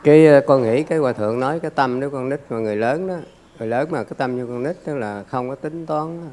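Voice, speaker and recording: A man's voice: medium pitch, very fast, a little mellow. A man speaking as a student, earnestly and respectfully replying to his teacher with some hesitation. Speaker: lay student.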